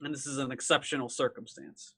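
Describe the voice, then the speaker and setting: A man voicing a calm, wry immortal man who sounds resigned to his fate, speaking low-key and dry. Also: fast, creaky, husky, no echo.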